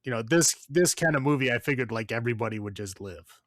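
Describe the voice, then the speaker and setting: Speaking fast and expressively in a medium pitch, a podcast co-host delivers a rambling, profane, no-holds-barred take on a movie, peppered with fillers. It's a casual review chat recorded without any room sound.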